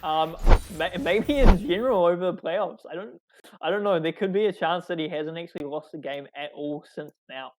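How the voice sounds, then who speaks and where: With a mid-range voice, the esports co-caster gets excited and laughs readily while calling a live card game, often breaking off and restarting sentences.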